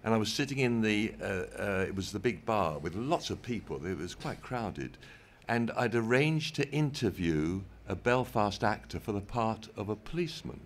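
An older man with an English accent, a former television director telling stories from his career in an interview, unhurried with dry humour. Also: fairly low pitch, expressive, a little hiss or hum. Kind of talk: anecdotal interview talk. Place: event stage in front of an audience.

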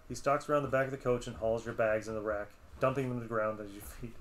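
A man's voice: mid-range voice, fast talker, hardly any pauses, a bit bright, a little hiss or hum. A man running a tabletop adventure as game master, talking casually with many fillers and restarts.

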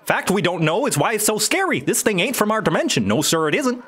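A cheerful, sly wizard with a drawling backwoods twang, put on by a game master. The voice swoops up and down with lively pitch, and a breathy, husky edge runs under it. It is tabletop game role-play. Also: quick pace. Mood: ominous. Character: folksy old-timer wizard, cheerful and sly.

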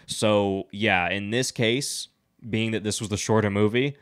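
A man hosting a casual podcast chat, excitable, laughing and swearing freely as he rants. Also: fairly low pitch, a little slow, clean tone. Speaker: podcast host.

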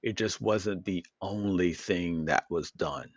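A very deep-voiced man co-hosting a laid-back podcast, thinking aloud and circling back over his words. The recording is dry and a little dull. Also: takes it slowly, no echo. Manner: rambling, restarts and repeats words while thinking aloud; overanalyzes word meanings. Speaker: podcast co-host. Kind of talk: unscripted casual chat.

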